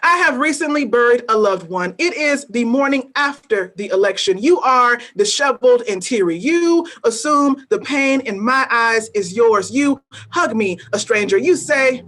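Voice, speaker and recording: A woman poet at an open mic, chatting briefly and then reading her spoken-word poems in a measured, weighty delivery with pointed repetition. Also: a little high, animated, fairly bright tone. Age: adult working as a teacher.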